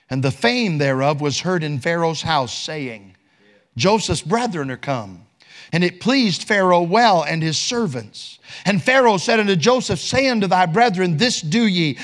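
A man's voice: high voice, a bit bright. A man preaching a sermon, quoting scripture in King James wording and rising for emphasis.

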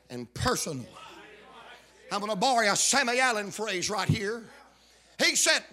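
A man preaching a sermon, repeating call-outs to the congregation and rising into shouted emphasis. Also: high-pitched, sing-song, normal speed, pauses often. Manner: builds to shouted emphasis, calls out "are you listening".

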